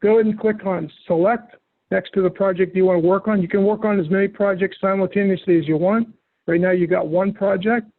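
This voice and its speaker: A man training a user on software over a call, giving relaxed, patient, step-by-step instructions. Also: sits high, brisk, no echo. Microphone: call audio. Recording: tinny phone-like line, dry.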